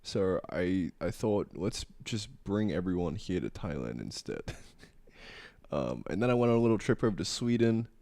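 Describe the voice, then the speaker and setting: A man's voice: low-pitched, animated, normal speed, dark tone, no echo. Chatty Australian man streaming, slightly sick. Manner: laid-back, chatty, greeting chat by name. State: tail end of a cold. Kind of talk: casual livestream chat.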